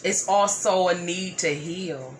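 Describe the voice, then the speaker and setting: A woman giving a collective tarot reading, sometimes slow and soothing, sometimes playful with slang. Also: on the low side, slight background noise. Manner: earnest, slow and soothing, with repeated phrases; playful slang and loud laughing. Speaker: tarot reader.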